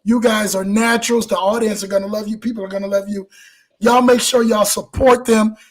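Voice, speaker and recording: A man hosting a live show, talking in an animated, preacher-like way and blessing his audience. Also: sits high, a little fast, rough recording. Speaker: show host. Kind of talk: exuberant live show wrap-up.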